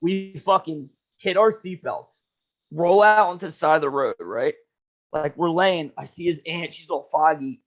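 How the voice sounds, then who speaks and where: A young man co-hosting a podcast, telling a story in an animated, slangy way, swearing and saying "dude" all the time. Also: a little high, unhurried. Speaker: podcast co-host. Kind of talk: casual storytelling chat.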